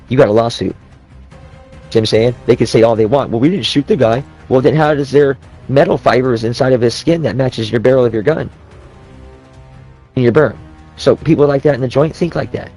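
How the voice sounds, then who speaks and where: A man in a casual, rambling rant, heavy on swearing and quick restarts. His voice sits at an ordinary middle pitch. Faint music plays softly behind him. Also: poor audio. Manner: profane, rambling, with frequent restarts.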